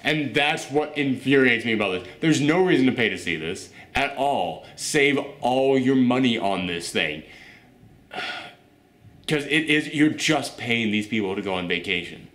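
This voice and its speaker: A man's voice: mid-range voice, lively intonation, measured pace, fairly bright tone, reverberant. A man hosting a casual review chat, ranting in an exasperated way. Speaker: host.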